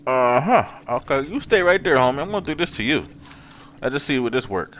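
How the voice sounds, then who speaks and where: A man commentating a horror game, excitable and profane, yelling and gasping at each scare. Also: mid-range voice, brisk, noisy background. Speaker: gaming YouTuber. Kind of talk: horror let's play commentary.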